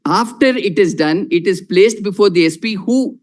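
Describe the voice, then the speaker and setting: A man with an Indian English accent arguing a case before judges, measured and formal, repeating "my lords" again and again. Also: high-pitched, darkish tone. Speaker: lawyer arguing in court. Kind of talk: formal courtroom argument.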